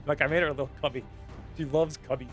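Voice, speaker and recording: A man streaming a game, chatting casually and playfully, rambling and jumping into high exclamations. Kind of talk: casual live-stream gameplay commentary.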